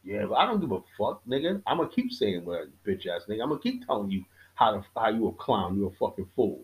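A man's voice: lowish voice, animated, fairly quick, poor audio. A man talking straight to his audience in a casual, profane rant, blunt and defiant. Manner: blunt, defiant, swears freely.

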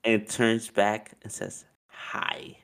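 A man casually telling a long personal story, animated and profane, acting out what people said. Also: lowish voice, unhurried. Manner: animated, profane, acts out quotes with laughs.

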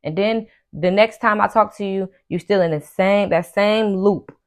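A woman hosting a podcast, giving casual motivational advice in an emphatic, preachy way, repeating her key phrases and acting out what her friends say. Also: medium pitch. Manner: acts out friends' lines in quick asides. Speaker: podcast host and life coach.

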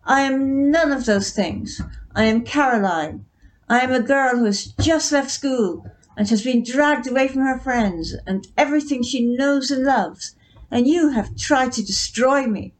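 A woman's voice: sits high, a little slow, rough recording. A woman reading a story, voicing a defiant teenage girl with a cutting, sarcastic edge. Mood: cold, defiant.

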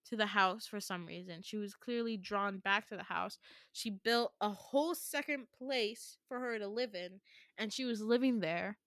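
A woman's voice: mid-range voice, fairly bright tone, clean tone, dry recording, clean studio sound. A woman hosting a podcast, retelling a dream in a loose, rambling way, full of fillers and restarts. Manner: rambling, lots of "like" and restarts, laughs often. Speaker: podcast host recounting her dreams. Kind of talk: casual storytelling chat.

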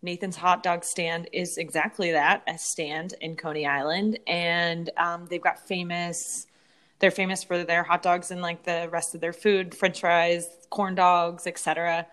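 A bubbly woman co-hosting a podcast with her sister. She giggles easily and fills her talk with "like". Her voice sits a little low for a woman. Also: flat delivery, measured pace, fairly bright tone. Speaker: podcast co-host. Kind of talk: casual chat between sisters.

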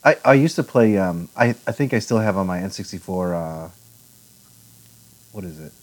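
A man's voice: sits low, moderate pace. A man co-hosting a casual podcast chat, rambling through stories and acting out quotes with laughs. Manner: rambling, lively retelling with put-on quotes and laughs. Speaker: podcast co-host.

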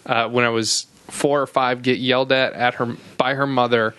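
Bright-voiced man on a podcast. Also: mid-range voice, level tone, moderate pace, clean tone, no room sound. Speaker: podcast co-host. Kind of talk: casual comedy podcast chat.

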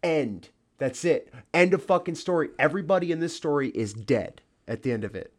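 A man's voice: on the high side, expressive, fairly quick. A man co-hosting a podcast who talks casually and bluntly, swearing and cutting in to add to the story. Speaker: podcast co-host. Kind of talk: casual chat.

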